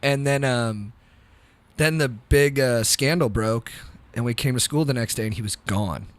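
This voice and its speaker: A man's voice: mid-range voice, measured pace, no room sound. A comedian guest on a podcast, telling stories in a loose, casual way and filling his talk with "like" and "dude". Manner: loose, slangy, heavy use of "like" and "dude". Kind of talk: casual storytelling chat.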